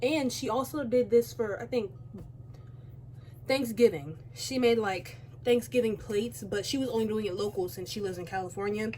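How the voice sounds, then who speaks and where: A woman's voice: medium pitch, moderate pace, mellow, a little hiss or hum. Chatty teenage girl, rambling vlog. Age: teens. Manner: rambling, chatty, self-interrupting. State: out of breath. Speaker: beauty vlogger. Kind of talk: casual storytime chat while doing makeup. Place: home, by a window.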